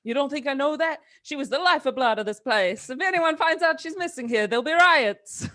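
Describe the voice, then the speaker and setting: A woman doing a flustered aging male film director who stammers and keeps laughing through his lines. The voice stays high and bright, tight and sharp at the edges, live comedy script-reading energy. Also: lively intonation, brisk. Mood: pleading.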